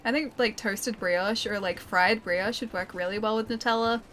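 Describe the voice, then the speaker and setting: A woman's voice: mid-range voice, moderate pace, fairly bright tone, slight background noise. A young woman streaming a game, chatting casually with viewers, playful and giggly with lots of mock apologies. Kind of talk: casual gameplay commentary reading chat. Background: game music.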